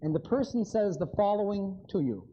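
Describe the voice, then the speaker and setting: A man's voice: high-pitched, animated, normal speed, lo-fi sound. A man giving a live lecture, blunt and wry, speaking straight to his audience.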